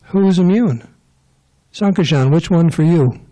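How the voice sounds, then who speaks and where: A man's voice: a little high, a little slow, mellow. A man giving a casual scripture class, rambling and joking with digressions. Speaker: temple class speaker.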